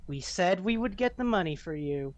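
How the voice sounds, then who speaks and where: A man playing his character at a tabletop game, unhurried and in character. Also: high-pitched, expressive, lo-fi sound. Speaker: player. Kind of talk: tabletop role-play.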